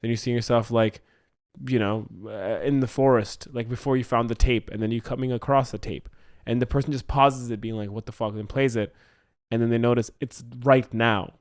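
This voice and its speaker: Guy rambling thru a story pitch, tons of "like", dry close mic, normal pitch. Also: fairly even intonation, normal speed, dry recording. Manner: rambling, full of "like", acts out lines with swearing. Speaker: co-host writing a script. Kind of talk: casual brainstorming chat.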